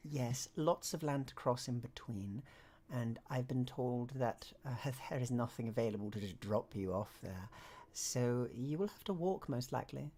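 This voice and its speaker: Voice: mid-range voice, darkish tone, close to an everyday voice. A game master voicing a poised, controlling noblewoman patron, polite and formal, in a tabletop role-play. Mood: persuasive. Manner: courteous, measured, formal. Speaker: game master voicing a non-player character.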